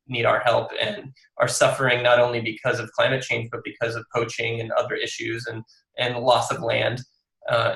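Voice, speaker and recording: Gravelly-voiced man, earnest guest. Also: mid-range voice, a bit bright, roomy sound, low-quality recording. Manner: earnest, many fillers and restarts. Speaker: guest author. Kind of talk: casual interview.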